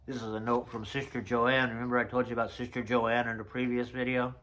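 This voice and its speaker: A man's voice: mid-range voice, level tone, brisk, a bit bright, a little hiss or hum. A man in his sixties telling rambling, chatty stories about old notes from his past. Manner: chatty storyteller, drifts off mid-thought. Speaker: vlogger. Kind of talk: casual reminiscing vlog.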